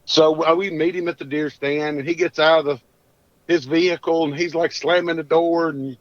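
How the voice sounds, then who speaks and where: A man's voice: fairly high pitch, steady tone, moderate pace, no room sound. A man, a podcast guest telling a hunting story in a folksy, rambling drawl. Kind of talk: casual storytelling. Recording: dull dry lo-fi audio.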